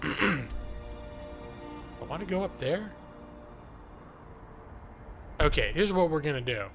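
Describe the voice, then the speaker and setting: A gaming streamer talks over music as he plays a video game live, chatty and joking at his own expense. His voice sits a little high and sounds animated, and he takes his time.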